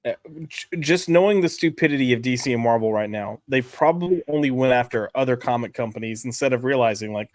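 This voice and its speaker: A man's voice: medium pitch, fast, hardly any pauses, a little mellow, dry recording. A man co-hosting a casual comics podcast, rambling with lots of restarts. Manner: rambling, frequent fillers and restarts. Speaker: podcast co-host.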